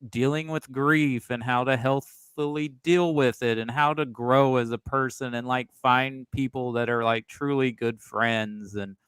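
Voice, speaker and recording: A man's voice: medium pitch, fairly even intonation, unhurried, few pauses, fairly bright tone, clear, resonant tone, no echo. A man guesting on a casual film podcast, chatty and opinionated as he weighs in.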